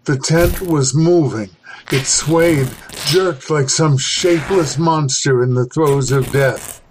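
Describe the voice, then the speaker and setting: A man reading a horror story aloud as a podcast host, in a measured, dramatic way. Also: a little high, slight background noise. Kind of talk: scripted horror story narration.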